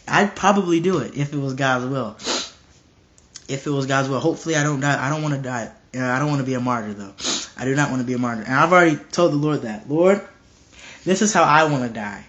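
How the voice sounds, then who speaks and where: Speaking at a quick pace with a medium-pitched voice, a man preaches in an earnest, casual way. He trips over and repeats words often, and he animatedly acts out bold lines of dialogue from time to time. The audio is dull and lo-fi.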